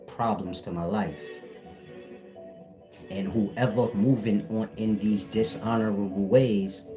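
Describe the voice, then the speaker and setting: A man acting as a spiritual teacher, lecturing his viewers bluntly in a firm, defined voice with no softness. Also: fairly low pitch. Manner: blunt, lecturing, scolding the audience. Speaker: self-styled spiritual teacher. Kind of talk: preachy solo monologue to viewers.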